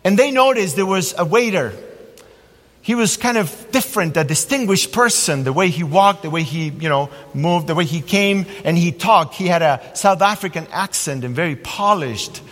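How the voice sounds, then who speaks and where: A man preaching a sermon as a pastor, telling stories in an animated way. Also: sits high, moderate pace. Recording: long hall reverb.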